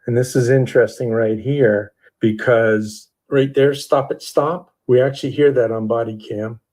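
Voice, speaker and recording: A man's voice: medium pitch, steady tone, moderate pace, warm tone. A man walking through an audio timeline as a true crime analyst, methodically listing sounds and timestamps.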